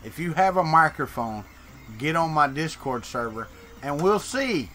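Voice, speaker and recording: A man with a Southern American drawl hosts a casual live stream, joking with viewers as he answers their messages. His voice sits a touch higher than most men's. A faint hiss of background noise runs under the talk. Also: big pitch swings, a little slow, bright, forceful tone. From Florida, Deep South. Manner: joking, chatty, reads and answers chat. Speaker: streamer host.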